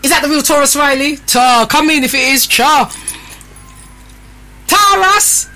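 A woman's voice: sits high, fairly even intonation, brisk, sharp tone. A woman hosting a live radio show, chatting in a bossy, teasing way full of slang. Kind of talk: casual live radio chat.

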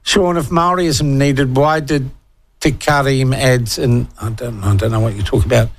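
A New Zealand man hosting talk radio in a middle-pitched voice. He talks bluntly and with open sarcasm, swears without hesitating, and reads listener messages aloud between his own remarks. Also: fairly even intonation, normal speed. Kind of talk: opinionated talk radio monologue.

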